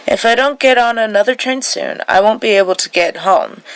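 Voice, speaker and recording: A woman's voice: on the high side, fairly quick, few pauses, clean tone, low-quality recording. A woman reading a story game aloud in a sleepy way, stumbling over words, correcting herself and breaking off for casual asides.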